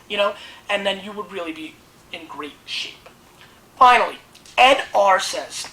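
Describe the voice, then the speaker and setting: Brash, excitable man hosting wine show. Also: high-pitched, moderate pace, a little hiss or hum, low-quality recording. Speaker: host. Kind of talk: casual wine tasting video.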